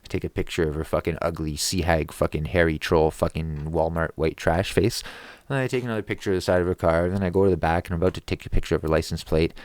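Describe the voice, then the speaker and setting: A man's voice: deep voice, steady tone, quick pace, dry recording. Swearing, agitated man ranting. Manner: heavily profane, heated; grows loud and agitated. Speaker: vlogger. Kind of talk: angry storytelling rant.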